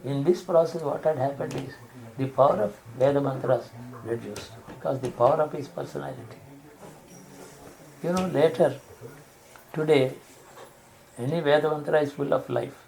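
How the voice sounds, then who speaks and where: A man giving a spiritual discourse, explaining slowly and restarting phrases to rephrase his examples. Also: medium pitch, creaky, a little mellow, a little hiss or hum, poor audio. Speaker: spiritual teacher.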